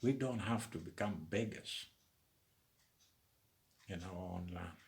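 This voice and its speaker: Male commentator, deliberate slow monologue, preacher-like emphasis, lower register. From Uganda. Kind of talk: opinion monologue.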